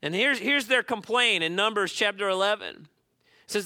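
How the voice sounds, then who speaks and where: High-voiced bright pastor preaching. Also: male voice, brisk, creaky, dry recording. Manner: animated storytelling, acts out quoted voices. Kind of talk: sermon. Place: church.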